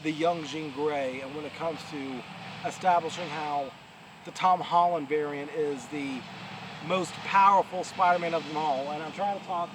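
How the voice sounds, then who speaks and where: Outdoors, a vlogger with a New York accent gives a casual, rambling review full of fillers and restarts, his voice on the high side with a steady tone and moderate pace. Distant heavy machinery and traffic make for a loud, noisy backdrop.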